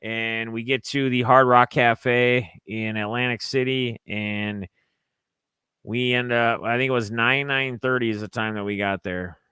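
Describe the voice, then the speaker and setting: A man's voice: medium pitch, steady tone, measured pace, pushed and bright, smooth, dry recording. A young man from Minnesota casually recapping a trip, rambling and acting out his friends' lines in raised voices. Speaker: sports card collector vlogger.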